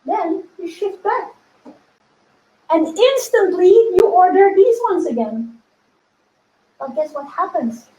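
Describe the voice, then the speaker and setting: A woman spiritual coach talking to her viewers in a casual teaching video, animated, laughing often and acting out inner voices. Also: extremely high pitch, slow, pauses often, echoey room, poor audio.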